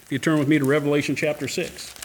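Impassioned pastor, a fairly high-voiced man. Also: flat delivery, very fast, slight background noise. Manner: impassioned, rising to cries in pleas; addresses congregation directly. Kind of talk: sermon with scripture reading.

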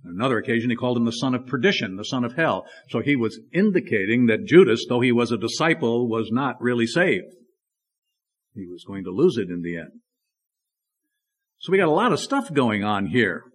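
A man's voice: medium pitch, big pitch swings, fairly quick. Guy preaching a bible sermon, emphatic, keeps asking rhetorical questions.

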